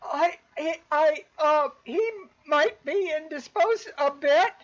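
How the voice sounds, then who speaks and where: A woman voicing a frightened, dishevelled female servant who stammers in a high, jittery voice. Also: big pitch swings, takes it slowly, exaggerated voice. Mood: nervous. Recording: dull lo-fi recording.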